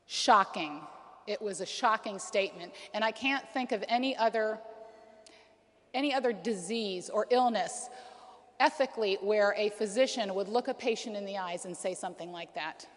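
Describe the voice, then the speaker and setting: A woman's voice: mid-range voice, moderate pace. A woman in her forties giving an earnest personal testimony at a conference, with frequent ums and restarts. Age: 40s. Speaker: conference speaker. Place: conference hall. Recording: reverberant hall.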